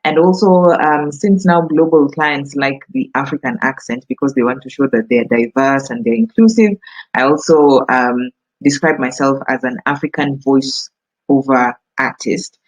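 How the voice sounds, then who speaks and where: A woman in her thirties with a Kenyan accent, a voice-over artist talking casually to camera in a warm, authoritative, confident way, with frequent ums. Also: a bass voice, normal speed, poor audio.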